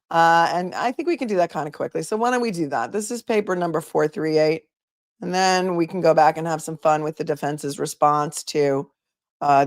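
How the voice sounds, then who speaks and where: A woman attorney hosting a casual livestream, telling stories in a chatty, animated way and talking to her chat. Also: deep voice, no echo, clean studio sound. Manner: chatty, animated storytelling, reads chat aloud.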